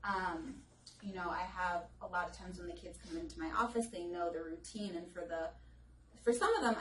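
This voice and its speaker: A woman's voice: fairly low pitch, slight background noise. A woman speech language pathologist giving a live lecture to an audience in a conversational way, now and then acting out what children and parents say. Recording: echoey room recorded from a distance.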